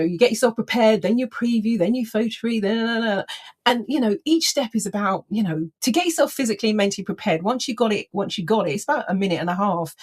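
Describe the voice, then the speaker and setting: A woman, a photo reading trainer telling an anecdote in a casual, lively way, saying "I says" and "blah, blah". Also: medium pitch. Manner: lively storyteller who acts out quoted people. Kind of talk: anecdotal storytelling talk.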